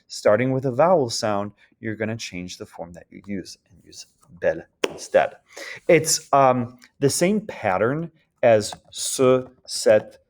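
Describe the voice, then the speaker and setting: A man explains French grammar in a lower-pitched voice. He is patient and methodical, and he pauses with fillers to check that his students follow. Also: a little mellow. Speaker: French teacher. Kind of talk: classroom grammar lecture.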